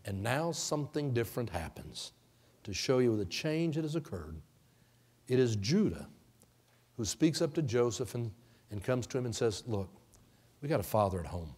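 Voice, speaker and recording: A male pastor in a church sanctuary tells a scripture story as if he were there, throwing himself into each scene. His voice sits at an ordinary middle pitch and rings out with a long hall reverb. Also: moderate pace, breathy edge. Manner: lively storyteller who acts out the characters. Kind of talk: sermon retelling a Bible story.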